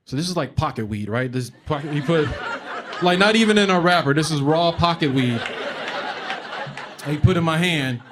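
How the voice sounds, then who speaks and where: A man spins a comic personal story for a live audience. His voice sits a bit high, and he talks in a loose, conversational way. He leans on repeated phrases for laughs.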